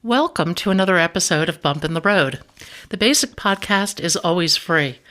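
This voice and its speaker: A woman's voice: fairly low pitch, expressive, moderate pace, fairly bright tone. Woman hosting a podcast, chatty, restarts a lot, faint music under her. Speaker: podcast host. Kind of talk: podcast interview.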